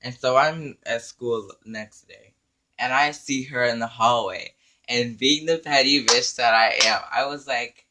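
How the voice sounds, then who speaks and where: Man, storytime vlog, lively and profane, bright forceful voice. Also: mid-range voice, a little slow. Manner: animated, profane storytelling with quoted dialogue. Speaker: vlogger.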